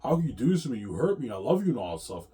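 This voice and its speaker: A man's voice: medium pitch, sing-song, very slow, dark tone, recorded from a distance, pitched above the performer's own voice. A man mimicking a jealous young woman who curses at him and threatens violence, sounding hurt and accusing. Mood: furious, hurt.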